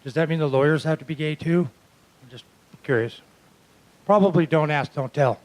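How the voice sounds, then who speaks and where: A man doing stand-up comedy in a small club, with sardonic, deadpan jokes. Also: a little high, normal speed, poor audio. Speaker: stand-up comic, reverend.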